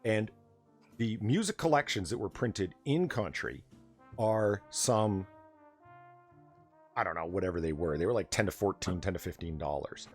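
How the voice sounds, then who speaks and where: A man from the United States hosting a casual late-night chat stream, talking in an animated, profane, ranting way. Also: lowish voice, moderate pace, long pauses, soft background music. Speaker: stream host.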